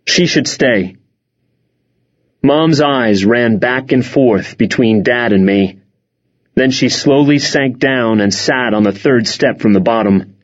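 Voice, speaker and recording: A man narrating a first-person story for an audiobook in a measured, tense manner. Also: medium pitch, lo-fi sound.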